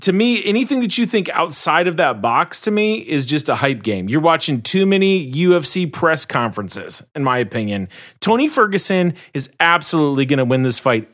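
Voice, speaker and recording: A man co-hosting a casual sports talk show, arguing his pick emphatically and mocking fickle fans. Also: on the high side. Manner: emphatic, animated, mocks fans with put-on voices. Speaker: co-host, fight analyst.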